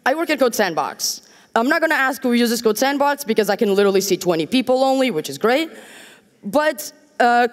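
Lively woman speaking in a reverberant hall. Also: a little high. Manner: joking and candid, with wry asides. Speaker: conference speaker. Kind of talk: conference talk. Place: large conference hall.

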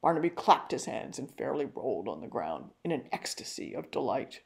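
Older woman giving a measured literary talk. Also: a bass voice, sing-song, creaky. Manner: measured, careful reading.

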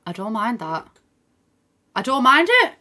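Woman, streamer, casual livestream chat, thinks aloud, bright crisp tone, desk microphone. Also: fairly high pitch, wildly swooping pitch, measured pace. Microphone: desk microphone in front of screen.

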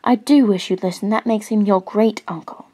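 A woman doing a stern fussy Victorian father, softly. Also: mid-range voice, normal speed, husky, close to an everyday voice.

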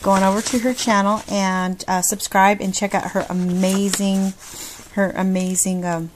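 A woman's voice: mid-range voice, level tone, normal speed, slight background noise. Bubbly, gushing woman vlogger. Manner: bubbly, gushing, laughs often. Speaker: craft vlogger. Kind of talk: casual chat.

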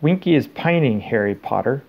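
A man voicing a small, fretful male house-elf servant in a squeaky, deferential voice while reading a storybook aloud. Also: animated, moderate pace, creaky, highs cut off. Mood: hushed. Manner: squeaky, deferential, speaks of himself by name.

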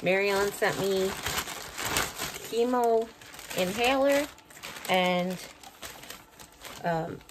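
A woman's voice: medium pitch, background noise. A middle-aged woman chatting casually at home as she opens and reads fan mail, sentimental and talkative. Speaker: vlogger opening fan mail. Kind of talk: casual unboxing chat. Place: home, indoors.

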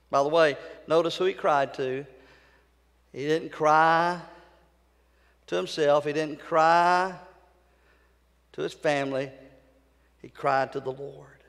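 A high-voiced man preaches from the pulpit, swinging from loud fervent outbursts to hushed near-whispers. His voice rings out in a large sanctuary with a long reverb tail. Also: fairly even intonation, unhurried, vocal fry, long pauses. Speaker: pastor. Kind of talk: sermon.

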